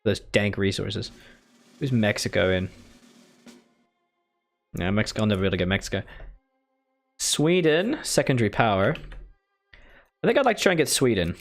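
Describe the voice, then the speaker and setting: A man's voice: on the low side, expressive, moderate pace, gravelly, long pauses, faint music behind. A man giving casual commentary while playing a strategy game, thinking aloud and scolding himself. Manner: muttering, self-deprecating, thinking aloud. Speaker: strategy game let's player.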